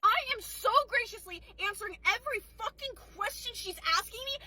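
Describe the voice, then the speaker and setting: A woman's voice: very high-pitched, noisy background. A young woman, a waitress, telling an angry, profane story about a rude customer. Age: young adult. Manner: profane, exasperated.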